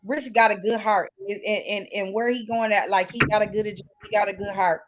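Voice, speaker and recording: A woman's voice: mid-range voice, fairly even intonation, fairly quick, noisy background. A woman hosting a live podcast, talking in a blunt, emphatic way and repeating herself to hold the floor. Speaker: podcast host. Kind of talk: heated casual talk on a live call-in podcast.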